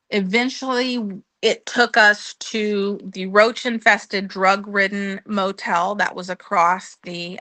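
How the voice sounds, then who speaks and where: A woman's voice: mid-range voice, sharp tone, no echo. A woman telling her recovery testimony in a conversational way, earnest and full of ums, sometimes acting out what she said back then. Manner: earnest storytelling with frequent ums, acting out her own past words. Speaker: guest sharing her testimony.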